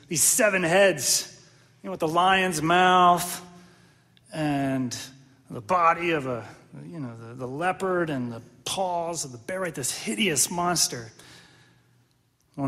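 A man preaching a sermon, animated and questioning, often checking in with the congregation with "right?". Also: fairly high pitch, long reverb tail. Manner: animated, asks the audience questions, frequent "right?". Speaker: pastor.

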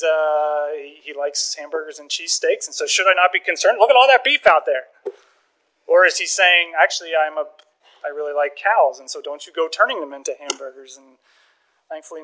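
A man preaching a sermon, telling stories with lively acted-out dialogue and frequent chuckles. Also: high-pitched, rough recording. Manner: animated storytelling, acts out dialogue, chuckles often. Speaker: pastor.

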